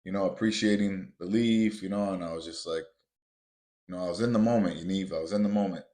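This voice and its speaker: A man quoting his relaxed young wife as she explains she was lost in the moment, speaking softly and hesitantly. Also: deep voice, quick pace, natural voice. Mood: wistful. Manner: soft, hesitant, filler-laden. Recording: roomy echo.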